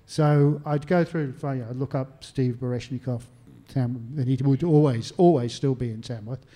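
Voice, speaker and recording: An Australian man with a mellow, darker voice, telling anecdotes about his research in a relaxed conversational way. He slips into little acted-out phone calls and pokes gentle fun at himself. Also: medium pitch, moderate pace. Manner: anecdotal, self-deprecating, acts out phone calls. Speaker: historian and author. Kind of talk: conversational interview answers. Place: stage talk at a literary venue.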